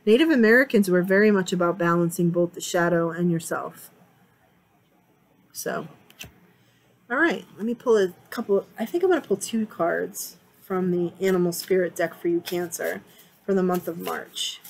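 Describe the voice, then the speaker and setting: A woman's voice: on the low side, normal speed, gravelly, slight background noise, low-quality recording. A woman giving a casual, rambling tarot reading at home, chatty and prone to repeating herself. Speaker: tarot reader. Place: home, sitting on a couch area with a fan on.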